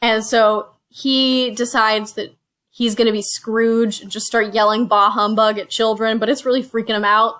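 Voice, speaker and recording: A woman's voice: fairly high pitch, flat delivery, normal speed, a bit bright. A woman hosting a casual chat, recorded on a phone, animatedly retelling a story and slipping into quoted voices. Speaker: reviewer and show host. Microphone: phone used as camera.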